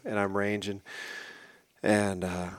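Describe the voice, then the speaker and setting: A man as a podcast guest, telling a hunting story in a casual, animated way and acting out what people said. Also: fairly low pitch, slow pace, no room sound, clean studio sound. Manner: animated, acts out quotes.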